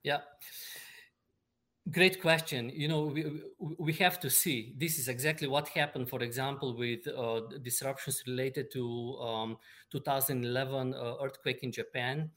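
Male expert guest, mid-pitched, measured and halting delivery. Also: fairly even intonation, a bit bright. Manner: measured, explanatory, many ums and uhs. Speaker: supply chain expert guest. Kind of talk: remote interview answers.

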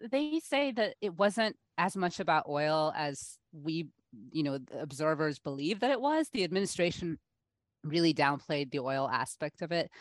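Woman guest on a radio show, voice going hoarse, low pitch, lots of ums and you-knows, dry sound. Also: no room sound. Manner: conversational, many fillers and restarts. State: losing her voice, coughing. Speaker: journalist guest. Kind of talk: radio interview answers.

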